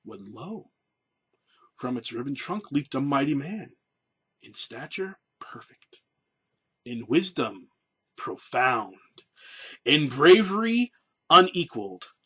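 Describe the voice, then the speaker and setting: A proud, defiant tribal chief, as a man reads him aloud speaks in slow, solemn oratory that swells to loud peaks. The voice is bright and husky, with a grand, measured delivery. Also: a little high, big pitch swings, exaggerated voice.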